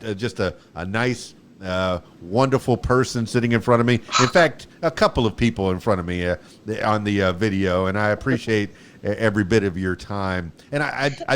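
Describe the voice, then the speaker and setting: A low-voiced man hosts a casual podcast interview over a video call. He rambles and hesitates, filling the gaps with "uh" and restarting his sentences as he goes. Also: normal speed, a bit bright, a little hiss or hum. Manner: rambling, hesitant, many fillers. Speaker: podcast host.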